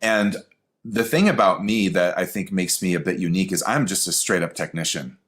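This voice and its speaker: Low-voiced man teaching intuition. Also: moderate pace. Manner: animated, conversational, addresses listener directly. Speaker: spiritual teacher. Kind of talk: teaching lesson.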